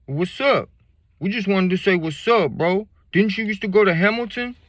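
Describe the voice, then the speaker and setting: A man's voice: moderate pace, dry recording, studio quality, close to an everyday voice. A man voicing a drunk, pushy young man who slurs his words in street slang. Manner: slurred, loud, high-pitched street slang.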